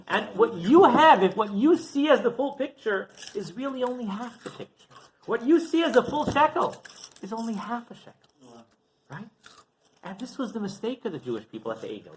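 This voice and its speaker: A man's voice: high voice, a little hiss or hum, low-quality recording. A male rabbi giving a Torah class, telling stories animatedly and often checking in with "right?". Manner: animated storytelling with frequent "right?".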